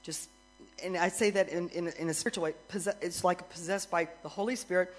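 A middle-aged woman worship minister telling a lively story as part of a sermon, getting more excited and louder as it goes. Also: lowish voice, fairly quick, low-quality recording. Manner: animated storyteller, grows excited and loud, laughs.

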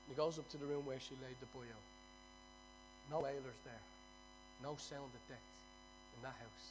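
A man preaching a sermon, dropping to a hushed storytelling voice and rising to loud, emphatic declarations. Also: medium pitch, fairly even intonation, moderate pace, pauses often, faint music behind, rough recording.

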